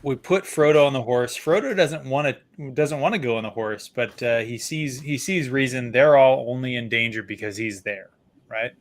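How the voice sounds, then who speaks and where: Host, male, casual book chat, lively and quick to laugh. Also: medium pitch. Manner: animated, laughs often, reads passages aloud.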